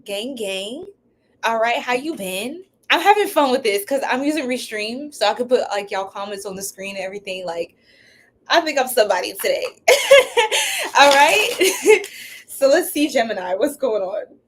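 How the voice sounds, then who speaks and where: A woman's voice: on the high side, sing-song, moderate pace, slight background noise. A woman giving a casual, playful live-streamed tarot reading, using slang and laughing often. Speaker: tarot reader.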